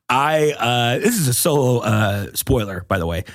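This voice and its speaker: A man's voice: medium pitch, fairly bright tone, no room sound, studio quality. A man hosting a podcast, joking and rambling in casual chat with a guest, often breaking into laughter. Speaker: podcast host.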